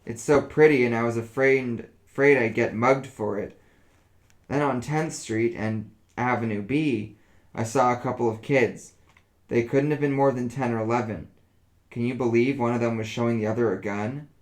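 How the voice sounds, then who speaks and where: A man voicing an elderly woman who speaks in a flat, emotionless, dazed way. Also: mid-range voice, normal speed, natural voice. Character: elderly woman, dazed and flatly matter-of-fact.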